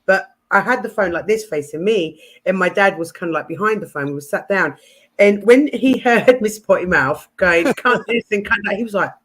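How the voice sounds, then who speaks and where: A British woman hosting a stream who tells stories in a giggly, lively way. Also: mid-range voice, normal speed, breathy edge. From United Kingdom. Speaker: stream host. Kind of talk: casual chat.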